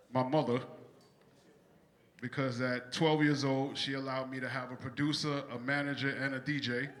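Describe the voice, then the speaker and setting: A man's voice: mid-range voice, a bit bright. A middle-aged man giving a casual, joking acceptance speech on a theatre stage. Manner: casual and joking, thanking people.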